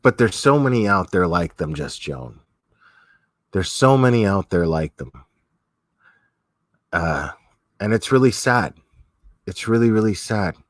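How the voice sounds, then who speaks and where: A man's voice: fairly low pitch, animated, a little slow, pauses often, no room sound. A man giving casual commentary as a streamer, rambling with many restarts and frequent swearing.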